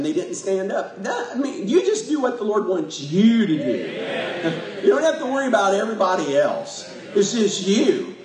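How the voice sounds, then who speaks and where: A man preaching a folksy, emotional sermon to a congregation, laughing often as he talks. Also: high voice. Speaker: pastor. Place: church sanctuary with congregation. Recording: echoey church, voice from far off.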